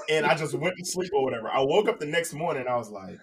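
A man's voice: fairly high pitch, fast, far from the mic. A man casually telling a long funny story on a podcast, acting out the people he quotes. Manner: animated, acts out the people he quotes.

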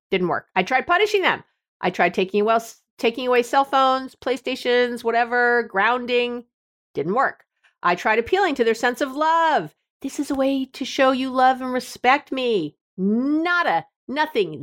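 A middle-aged woman hosting her own show, talking casually and joking at her own expense. Her pitch swoops up and down a lot as she tells her story, full of quick asides to the listener. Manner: self-deprecating, animated storytelling with frequent asides. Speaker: podcast host, relationship expert. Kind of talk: casual confessional monologue.

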